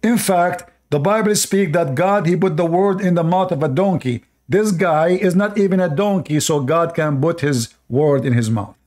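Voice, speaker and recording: A man with a somewhat high voice delivers preachy reaction commentary, indignant and scolding. He speaks English with non-native grammar and keeps asking his listeners whether they agree. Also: normal speed, hardly any pauses, darkish tone. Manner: indignant, preachy, asks the audience rhetorical questions. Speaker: online religious commentator.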